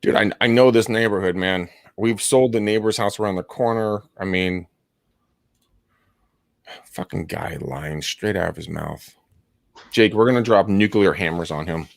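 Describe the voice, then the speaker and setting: A man in his thirties, a real estate agent hosting a casual call session, telling stories with profanity and loud laughter. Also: sits low, moderate pace, creaky, dry recording, clean studio sound. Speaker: real estate agent hosting a live cold-calling stream. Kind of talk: casual chat, storytelling.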